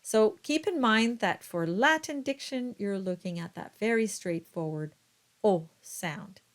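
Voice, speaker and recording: Woman, choir diction teacher, unhurried pace, careful vowel demonstrations, mid-pitched voice. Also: lively intonation. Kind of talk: instructional explanation with sung-like example words.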